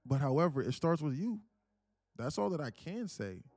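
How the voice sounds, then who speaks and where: A man's voice: a little high, very animated, normal speed, darkish tone, no echo. A young man hosting a live trading stream, talking earnestly and repetitively, calling listeners "man" and "bro" and reading chat messages aloud. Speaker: livestream trading host. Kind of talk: casual motivational livestream talk.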